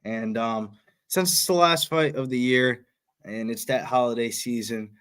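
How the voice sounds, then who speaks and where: A man on a live betting stream calmly giving his fight pick, with a few hesitations. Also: medium pitch, a little slow, clean tone.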